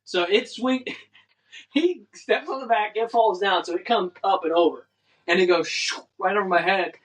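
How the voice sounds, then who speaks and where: Casting: young male podcast co-host, high voice, lively storytelling, mic a bit distant. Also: normal speed. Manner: animated, laughing retelling. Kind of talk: casual storytelling chat. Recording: voice slightly far from mic.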